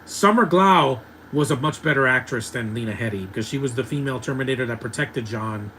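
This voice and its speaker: A man's voice: medium pitch, brisk, pushed and bright, slight background noise, poor audio. Ranting man in his thirties. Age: 30s. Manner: ranting, opinionated, laughs often. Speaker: movie commentary host. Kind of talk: live movie watch-along commentary.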